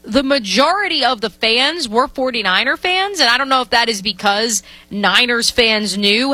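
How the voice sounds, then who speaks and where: A woman co-hosting a sports radio show, chatty and playful, often breaking off mid-sentence. Her voice is bright and sits a little high. The studio sound is close and dry. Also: expressive, normal speed, hardly any pauses, dry recording. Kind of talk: casual sports talk.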